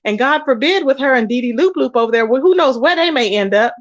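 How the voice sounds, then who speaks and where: A woman hosting a live stream, reading her chat aloud and gossiping in an animated, chatty way, calling her viewers baby and child. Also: high voice, fast, no echo, dull audio. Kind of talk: casual gossip commentary.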